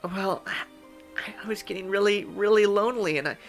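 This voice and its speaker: A man's voice: high voice, normal speed, fairly bright tone, faint music behind, pitched above the performer's own voice. A man voicing a lovesick young innkeeper woman who rambles and gossips about a bad date. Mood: gossipy.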